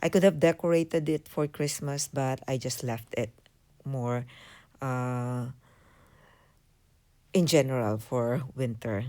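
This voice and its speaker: A woman's voice: extremely low pitch, slow pace, pauses often, a little mellow. A woman hosting a craft channel, giving a hesitant casual voiceover full of fillers as she walks through her project. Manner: hesitant, many fillers, apologetic. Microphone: voiceover mic.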